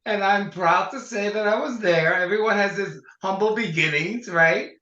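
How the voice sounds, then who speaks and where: An older man, a singer, chatting in an interview and telling animated stories from his career. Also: high-pitched, normal speed. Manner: animated storyteller, acts out quotes. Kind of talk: casual interview conversation. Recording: echoey dull lo-fi sound.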